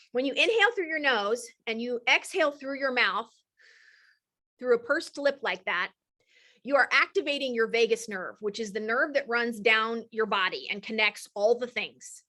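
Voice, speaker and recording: A woman in her thirties or forties, hosting a live coaching session with energetic, motivational enthusiasm. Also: on the high side. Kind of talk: live-streamed coaching talk.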